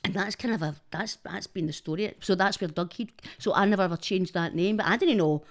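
A woman's voice: medium pitch, fairly quick. A woman with a Glaswegian accent, a podcast guest telling rambling, sweary stories into a studio mic, often breaking into laughter. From Glasgow's East End, Scotland. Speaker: guest, social media personality. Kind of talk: casual podcast chat. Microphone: studio microphone.

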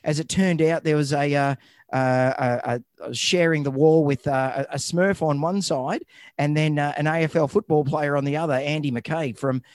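A man's voice: on the high side, normal speed, dry recording, clean studio sound. An Australian man hosting a casual podcast from home, joking and rambling with many restarts. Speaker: podcast host. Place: home, remote call.

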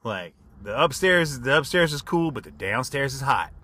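A man delivers a rambling comic monologue on his podcast. His voice is bright and forceful and sits at a middle pitch. It leaps up and swings loud and soft as he gets worked up. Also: normal speed. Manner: animated storytelling with big pitch jumps and volume swings. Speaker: podcast host. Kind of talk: comedic monologue.

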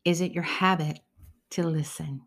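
Middle-aged woman, earnest Christian speaker; devotional teaching, slips into hushed whispers for emphasis. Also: sits low, fairly even intonation, normal speed. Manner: earnest, often drops to a soft whisper.

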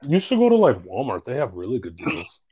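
A man's voice: medium pitch, huge pitch swings, a little fast, dark tone, slightly rough, no echo, highs cut off. A young man in casual chat who retells stories through lots of quoted back-and-forth, swearing and laughing as he goes.

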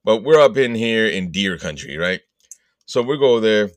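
Rambling, profane podcast host, low voice. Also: male voice, lively intonation, moderate pace, no echo. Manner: profane, rambling, puts on voices for people in his story. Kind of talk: casual comedic storytelling.

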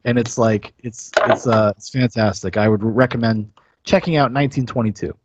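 A man who is a guest on a podcast, chatting casually and enthusiastically about films, profane and quick to laugh. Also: mid-range voice, fairly even intonation, dull audio, heavy background noise. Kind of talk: casual film review chat.

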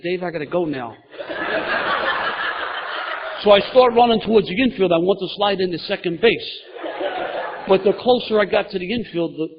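A middle-aged man telling his recovery story at a meeting, lively and laughing as he goes. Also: fairly high pitch, a little hiss or hum. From Philadelphia, USA. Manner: animated storytelling, gets loud and laughing at funny parts. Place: meeting room in front of an audience. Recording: dull lo-fi meeting recording.

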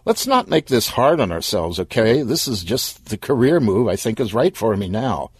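A man's voice: on the low side, sing-song, moderate pace, husky, no room sound, heavily acted. A man voicing a laid-back young gamer in an audio story, casual and offhand. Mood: breezy.

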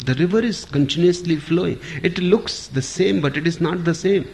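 A man giving a spiritual discourse, speaking in short phrases with long pauses between them. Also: a little high, vocal fry, darkish tone. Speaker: spiritual teacher.

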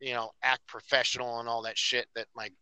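Profane, ranting man with a bright voice. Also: mid-range voice, level tone, fairly quick, clean tone, dry recording, rough recording. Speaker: podcast host. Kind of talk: casual podcast chat.

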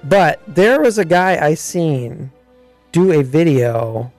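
A man's voice: on the high side, lively intonation, slow, darkish tone, faint music behind. A man in a casual group chat, telling stories in an earnest, meandering way. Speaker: panel guest.

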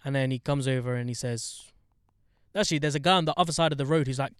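A young man telling a story in casual chat, animated, swearing and getting heated as he talks. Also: quick pace, clear, resonant tone, no echo, studio quality. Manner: animated storyteller, swears, gets heated and high when indignant.

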